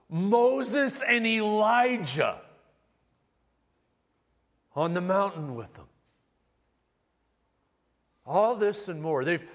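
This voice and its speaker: A man preaching a sermon, telling the story in a casual, animated and humorous way. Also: high-pitched. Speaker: pastor. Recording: long hall reverb.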